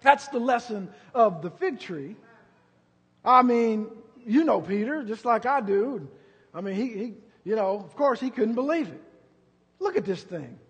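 High husky guy preaching, quiet storytelling then loud and slow, big echoey hall. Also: lively intonation. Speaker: pastor. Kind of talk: sermon.

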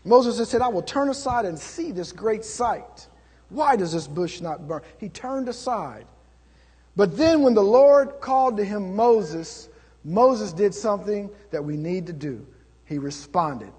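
A man preaching a sermon as a pastor, telling stories in an animated way and acting out the voices in them. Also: sits high, a little slow, breathy edge, in a large hall. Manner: animated storytelling, acts out voices.

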